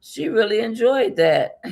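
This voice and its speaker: A woman's voice: on the low side, creaky, a bit bright. A woman giving a casual spiritual reading, rambling and repetitive, often laughing and muttering to herself. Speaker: tarot and numerology reader.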